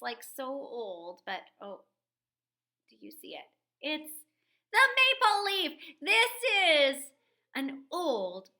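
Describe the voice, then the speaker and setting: A woman's voice: on the high side, pushed and bright. Upbeat woman teaching kids' music. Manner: cheerful, encouraging, speaks slowly to young children. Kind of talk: online children's music lesson.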